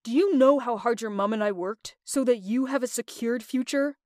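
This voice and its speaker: A woman's voice: on the high side, moderate pace, darkish tone, no echo, clean studio sound, close to an everyday voice. A woman voicing a stern wealthy father who speaks with cold contempt and gives orders. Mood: scornful. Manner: contemptuous, commanding.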